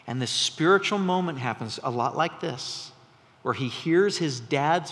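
Animated preacher man, bright voice, big hall. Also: medium pitch, a little slow. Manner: animated storyteller, voice rising when excited. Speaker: pastor. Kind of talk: sermon. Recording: long reverb from a large hall.

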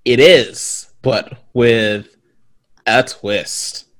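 A man's voice: mid-range voice, very slow, fairly bright tone. A man co-hosting a casual movie podcast, laughing often and trading sarcastic jokes. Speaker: podcast co-host. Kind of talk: casual chat reviewing a movie.

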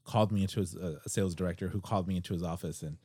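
A man's voice: low-pitched, rapid-fire, warm tone, slightly rough. A young man with a Chicago accent hosting a podcast, chatting casually and telling jokey stories with frequent laughter. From United States. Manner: jokey storyteller, laughs often. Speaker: podcast host. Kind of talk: casual chat.

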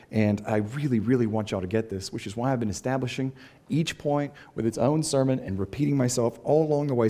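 A male pastor with a drawl delivers a sermon in an easy, talky manner. His voice jumps up for emphasis, then drops low for wry asides. He clears his throat from time to time. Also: warm tone.

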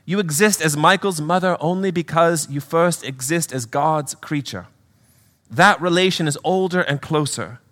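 A man voicing a gentle male spirit guide in a put-on British accent, patient and explaining. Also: fairly high pitch, moderate pace, big-room sound, pitched above the performer's own voice, lightly acted.

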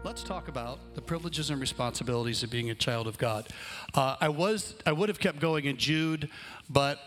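A man, a pastor and father, preaching a relaxed, conversational sermon to his congregation. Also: mid-range voice, normal speed, faint music behind. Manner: conversational, explaining plans aloud. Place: church hall with congregation.

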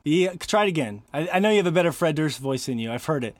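A man's voice: on the high side, animated, quick pace, no room sound, studio quality. A man hosting a casual podcast chat, joking and laughing often as he introduces his co-hosts. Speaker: podcast host.

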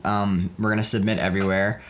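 A man's voice: on the low side, flat delivery, quick pace, a bit bright, a little hiss or hum. A man chatting casually about his indie film, joking around, rambling and laughing often. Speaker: indie filmmaker. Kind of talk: casual chat.

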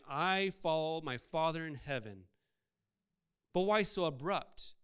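A male pastor delivers a sermon in a smooth, resonant voice set a little high for a man. He talks in a conversational way and keeps putting rhetorical questions to the congregation. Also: fairly bright tone.

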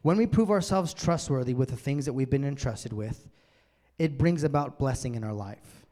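A man preaching a sermon as a pastor in a church, swinging from loud emphatic bursts to near-whispers. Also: medium pitch, expressive, moderate pace. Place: church sanctuary. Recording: long church-hall reverb.

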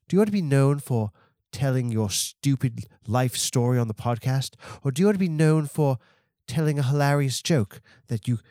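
A man's voice: medium pitch, warm tone, no echo, clean studio sound, close to an everyday voice. A man putting on a pushy lecturing buddy voice. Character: bossy male friend scolding the host.

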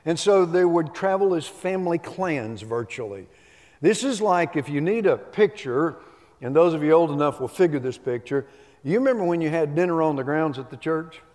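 A man's voice: fairly high pitch, expressive, normal speed, darkish tone. A middle-aged male pastor delivering a sermon, telling stories in a folksy, humorous way. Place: church sanctuary. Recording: long hall reverb.

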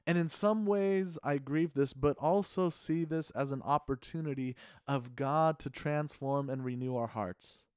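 Earnest man preaching, smooth dry voice. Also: on the high side, a little mellow, no echo. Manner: earnest, measured preaching with rhetorical questions. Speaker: pastor. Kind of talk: sermon.

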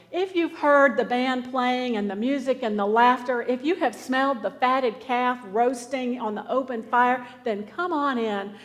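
A woman preacher delivers a sermon, telling a story with earnest, pleading warmth. Her voice sits fairly high. The sound rings out with the long reverb of a large hall.

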